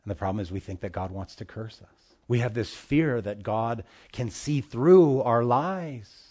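A male pastor preaching a sermon, addressing the congregation directly with emphatic swings between loud and soft. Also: mid-range voice, measured pace.

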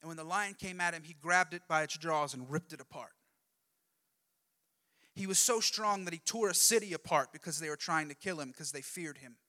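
A lively preacher with a high, bright, forceful voice, telling a story in a conversational, jokey way. His words ring out with a long hall reverb behind them. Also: moderate pace. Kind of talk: sermon storytelling.

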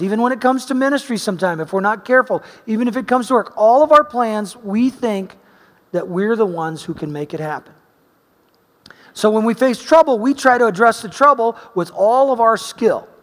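High-voiced preacher in a reverberant hall. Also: male voice. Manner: animated storyteller, swinging between loud emphasis and quiet asides. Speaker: pastor. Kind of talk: sermon with personal storytelling. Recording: long reverb of a large hall.

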